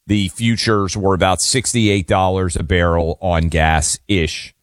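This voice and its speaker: A man with a very deep voice co-hosts a political talk show and lays out figures in a matter-of-fact way. His voice is recorded dry and close. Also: level tone, measured pace, no room sound.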